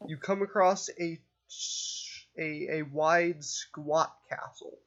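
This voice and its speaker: A man narrating a tabletop game as game master, pausing and restarting with fillers as he describes the scene. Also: a little high, fairly bright tone, lo-fi sound. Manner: hesitant, halting narration with fillers.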